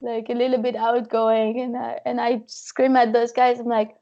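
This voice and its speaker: A woman kayaker telling expedition stories as a podcast guest. She talks in an animated way, laughs often and acts out the voices of people in her stories. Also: on the high side, moderate pace. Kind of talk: casual storytelling interview. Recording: dull lo-fi audio.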